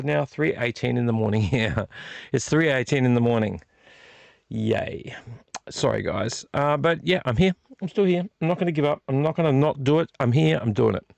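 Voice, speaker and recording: A man's voice: mid-range voice, vocal fry, a little mellow, no echo. A man hosting a late-night live vlog from his small home studio, rambling, repeating himself and apologizing. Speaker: vlog host.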